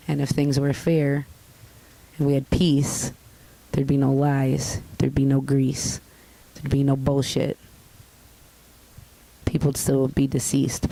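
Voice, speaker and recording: A young woman chatting casually as an interview guest, candid and profane, telling stories with lively put-on voices. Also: low-pitched, gravelly, rough recording. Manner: candid, profane, animated storytelling. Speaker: guest artist.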